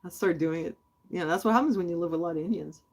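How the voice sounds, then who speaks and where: A woman's voice: lowish voice, very fast, a little mellow. A woman hosting a casual livestream, chatty and rambling as she answers her viewers. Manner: chatty and rambling, many fillers. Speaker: host.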